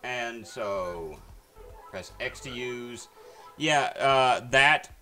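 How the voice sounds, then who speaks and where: A man's voice: medium pitch, lively intonation, very slow, bright, forceful tone. A man streaming a video game, chatting to viewers in a rambling, casual way with lots of fillers and restarts. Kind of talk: casual gameplay commentary. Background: faint game music.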